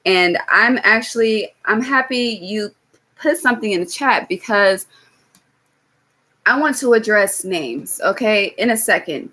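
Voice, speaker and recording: A woman's voice: medium pitch, bright, forceful tone. A young woman giving a casual live-stream tarot reading, blunt and swearing freely, often checking in with "okay?". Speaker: tarot reader.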